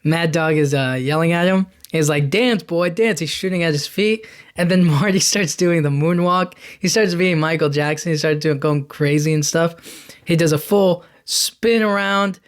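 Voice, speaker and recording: A man hosting a podcast, casually retelling a film's plot in a rambling, enthusiastic way, slipping into quick quoted lines. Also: fairly high pitch, steady tone, clear, resonant tone. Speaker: podcast host. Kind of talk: casual movie recap.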